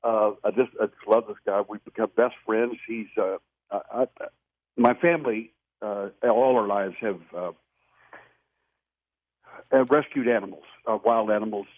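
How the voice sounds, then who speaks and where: A man's voice: on the low side, steady tone, moderate pace, long pauses, no room sound. Man telling stories over a tinny phone line. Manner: earnest, emphatic anecdotal telling. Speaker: interview guest. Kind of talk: phone-in interview storytelling.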